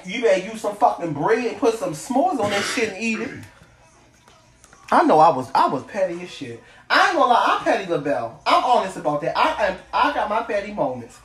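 Animated, foul-mouthed woman telling a story. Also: mid-range voice, fairly quick, roomy sound, soft background music. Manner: profane, animated, petty storytelling with mock insults. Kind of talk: casual storytelling chat.

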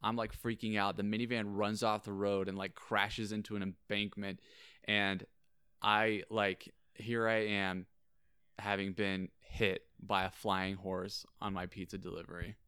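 A young man, a podcast co-host, telling a story dramatically and building suspense with slow pauses. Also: on the low side, little pitch movement, pushed and bright, smooth, no echo, studio quality. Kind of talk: animated storytelling.

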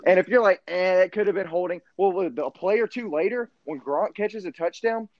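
Young guy on a football podcast, kinda high voice, gets worked up fast, dull dry mic. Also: dry recording. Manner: excitable, incredulous, rising to near-shouts when riled. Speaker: sports podcast co-host. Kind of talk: animated sports debate. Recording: dull lo-fi sound.

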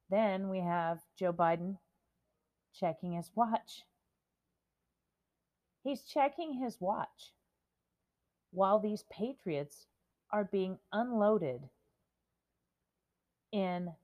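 A woman in her fifties hosts a solo podcast, talking slowly and with heavy emotion. Her voice sits a little low, and she lingers over each phrase. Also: lo-fi sound. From United States. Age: 50s. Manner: emotional, slow and deliberate, reading names. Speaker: podcast host.

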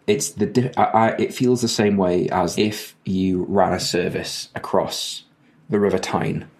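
Calling in remotely from home while it rains, a podcast co-host talks in a low voice at a slightly slow pace. His casual chatter rambles and jokes, and he keeps interrupting himself.

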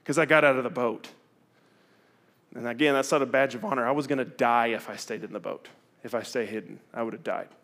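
A middle-aged man, preaching a sermon in a candid, conversational way that swings from loud to hushed. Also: medium pitch. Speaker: pastor.

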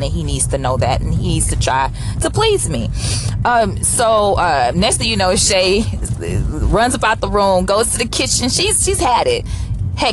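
Sassy, animated woman recapping reality TV. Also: lowish voice, noisy background. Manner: animated, sassy storyteller acting out quotes. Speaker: reality TV commentator. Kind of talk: casual recap commentary.

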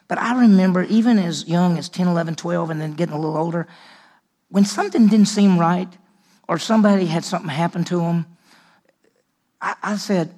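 A senior pastor delivers a conversational sermon, repeating words as he goes and moving between emphatic and hushed moments. His voice is fairly high, gravelly, and husky.

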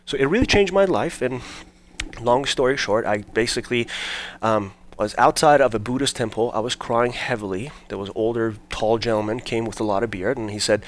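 A man's voice: mid-range voice, fairly quick. Earnest man telling his story. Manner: earnest, leans on "basically" and "right?". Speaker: guest. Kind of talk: personal storytelling in an interview.

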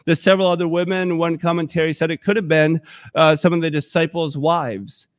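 High-voiced impassioned male pastor. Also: fairly even intonation, fairly quick, dry recording. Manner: impassioned, conversational, emotional. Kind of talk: sermon. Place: church.

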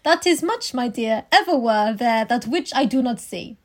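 A woman voicing a gallant, fussy older male professor with a mock German accent and halting, broken English. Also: on the high side, expressive, a crowd in the background, lightly acted. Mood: grandly cheerful.

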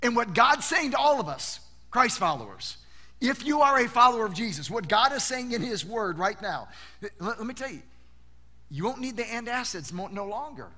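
A man preaching a sermon as a pastor, animated and conversational, often asking rhetorical questions and repeating words as he goes. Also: very high voice, moderate pace.

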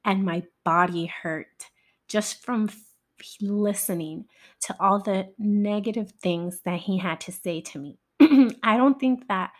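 A woman telling a personal story in a halting, candid way, with many fillers and pauses. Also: mid-range voice. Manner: candid, occasionally swearing. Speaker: survivor sharing her story.

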